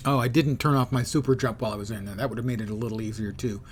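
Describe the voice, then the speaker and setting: A man's voice: medium pitch, steady tone, very fast, slight background noise. A man streaming a superhero game live, making joking, self-deprecating asides and reading mission text aloud. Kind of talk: live gameplay commentary.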